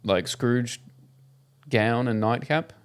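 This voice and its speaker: A man's voice: medium pitch, takes it slowly. A man co-hosting a podcast in casual chat, throwing in dry, teasing interjections. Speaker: podcast co-host.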